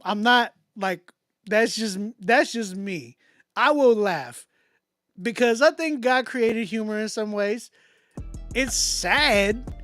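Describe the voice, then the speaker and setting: A man's voice: sits high, fairly bright tone. A man hosting a live music critique stream, talking in a loose, slangy way with frequent laughs and restarts. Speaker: livestream music critique host. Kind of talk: casual live-stream chat.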